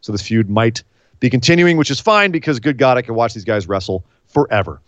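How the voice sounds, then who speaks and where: A man co-hosting a casual chat about a wrestling show, animated and acting out the quotes he retells. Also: mid-range voice, fairly quick, dry recording, dull audio. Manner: animated, acts out quotes in put-on voices. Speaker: podcast co-host.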